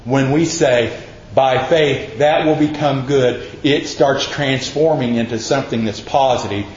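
A man preaching a sermon in an earnest, emphatic way, with a pastor's steady build and repetition. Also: mid-range voice, a little slow, a little hiss or hum. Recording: echoey, dull lo-fi church recording.

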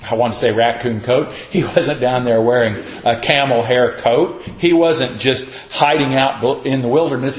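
Folksy man preaching in a roomy hall. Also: medium pitch. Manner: folksy, repeats himself, acts out quotes. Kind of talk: conversational Bible teaching. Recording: roomy, slightly dull sound.

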